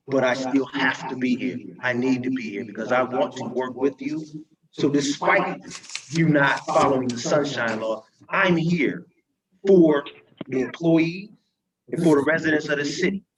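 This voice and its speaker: A man speaking as mayor at a council meeting, impassioned and tagging points with "right?", sometimes shouting. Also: medium pitch, measured pace, far from the mic, noisy background. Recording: echoey chamber, voice from afar.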